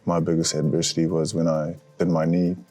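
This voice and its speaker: A young man, a rugby player, talking reflectively in casual chat, pausing often with fillers. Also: sits low, little pitch movement, mellow, soft background music.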